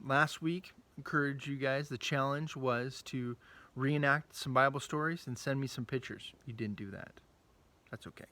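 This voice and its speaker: A man leading a children's Bible lesson, telling the story in a chatty, animated way and acting out the quotes. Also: medium pitch. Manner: chatty, with frequent asides. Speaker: children's ministry leader.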